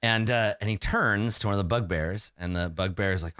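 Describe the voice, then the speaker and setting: A man narrating a tabletop game as game master, halting with many fillers. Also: fairly low pitch, clear, resonant tone, dry recording, clean studio sound. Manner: lively, halting narration full of fillers, slips into character voices.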